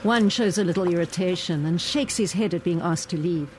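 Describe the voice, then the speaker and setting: Woman reading a measured news narration. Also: fairly low pitch, background noise. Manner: measured, even delivery. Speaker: news reporter.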